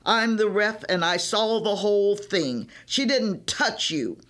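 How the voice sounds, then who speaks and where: A woman's voice: mid-range voice, animated, slow, fairly bright tone. Woman reading a firm girl referee.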